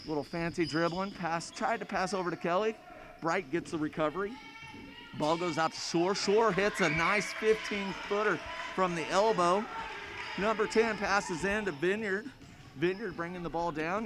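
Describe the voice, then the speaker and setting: High-voiced folksy school basketball announcer. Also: male voice, noisy background. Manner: folksy, chatty, addresses fans directly. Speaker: play-by-play announcer. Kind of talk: live basketball commentary. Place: school gym.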